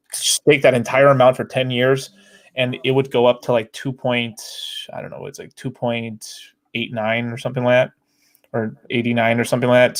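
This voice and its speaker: Chatty man explaining with hedges. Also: mid-range voice. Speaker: co-host. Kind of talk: casual crypto chat.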